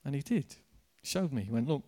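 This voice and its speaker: Male preacher, sermon, lively anecdotes, chuckling, questions to the congregation. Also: medium pitch, fairly quick.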